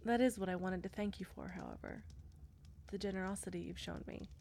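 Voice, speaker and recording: A woman voicing a shy, war-weary female knight commander in an audio role-play, speaking hesitantly with soft fillers. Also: mid-range voice, brisk, gravelly, a little hiss or hum, lightly acted. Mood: shy, tender.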